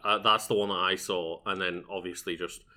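Bright, relaxed male podcast co-host. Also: low-pitched, brisk. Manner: relaxed, loose, hesitant, swears freely. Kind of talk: casual chat.

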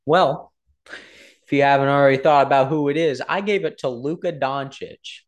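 A man's voice: mid-range voice, normal speed. A young man chatting casually about basketball, rambling and correcting himself as he talks to his viewers. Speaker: sports vlogger. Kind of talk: casual sports commentary.

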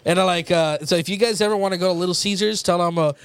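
Young male co-host, high voice, dry room, friendly banter. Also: steady tone, quick pace, clear, resonant tone, no echo. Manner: laughing, chummy banter. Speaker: podcast co-host. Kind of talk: casual chat.

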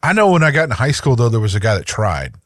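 A man's voice: medium pitch, sing-song, quick pace, fairly bright tone, no echo, studio quality. A man in his thirties, a podcast co-host, chatting casually and telling a personal story in a rambling way, with many restarts. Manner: rambling, with frequent restarts and repeated words.

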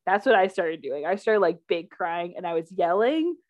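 A young woman hosting a podcast, casually telling a personal story with lots of laughter and loudly acted-out quotes. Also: fairly low pitch, normal speed, dull audio. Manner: animated, laughs often, acts out quotes loudly. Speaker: podcast host.

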